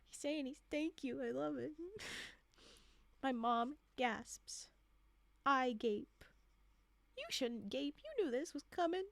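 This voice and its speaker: A young woman streamer reading a holiday story aloud, expressive, with chatty asides. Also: high voice, slow, gravelly, long pauses, no echo.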